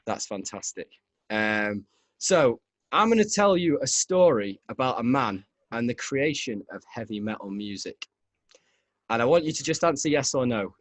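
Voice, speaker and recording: A man's voice: medium pitch, lively intonation, moderate pace, dry recording. A man hosting a podcast, telling a rambling story in casual chat, often laughing. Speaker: podcast host.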